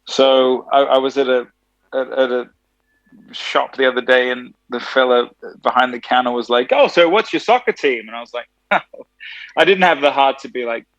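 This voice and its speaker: An Australian man whose accent has drifted toward Tennessee, telling stories in a chatty, animated way as a musician guest and laughing easily. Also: mid-range voice, moderate pace, no echo, dull audio. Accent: Australian with some Tennessee. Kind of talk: casual phone interview.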